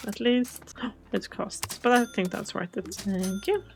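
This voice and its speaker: Soft-spoken woman playing a life game. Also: mid-range voice, a little slow, vocal fry. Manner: soft-spoken, chatty, easily confused. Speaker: gaming channel host. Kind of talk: casual game commentary.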